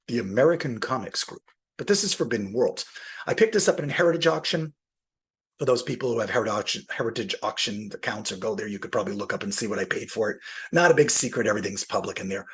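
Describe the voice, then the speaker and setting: A man with a very husky, rough-edged voice at an everyday middle pitch. He talks casually while he unboxes, thinking aloud and poking fun at himself. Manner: chatty and self-deprecating, thinking aloud. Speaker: comic book collector.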